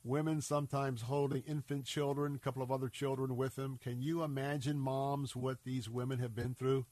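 A man's voice: medium pitch, little pitch movement, moderate pace, a little mellow, dry recording. A man hosting a radio show, making an urgent fundraising appeal in an earnest, pleading way, his voice a little scratchy and congested. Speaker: radio host.

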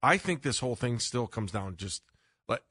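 A man's voice: mid-range voice, very animated, normal speed, bright, forceful tone, breathy edge, no room sound. A man co-hosting a sports radio show, talking casually and restarting his sentences often. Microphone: studio microphone.

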